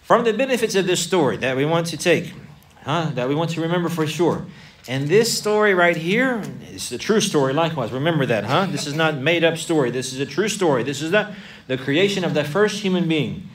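A man's voice: a little high, brisk, far from the mic. A man teaching a religious lesson to children, asking questions, repeating key phrases and stacking lists. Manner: asks and repeats questions, animated, builds lists. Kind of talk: Islamic lesson for kids with questions.

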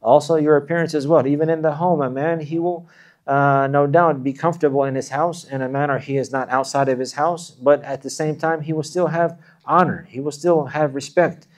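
A man's voice: on the high side, steady tone, a little fast. A man preaching a sermon, earnest and repetitive, often restating phrases for emphasis. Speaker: Islamic preacher.

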